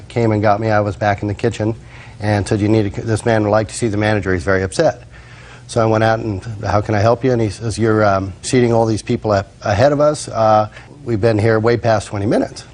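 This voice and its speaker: A man testifying in court as a restaurant manager, halting and hesitant, full of uhs. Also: on the low side, fairly even intonation, darkish tone.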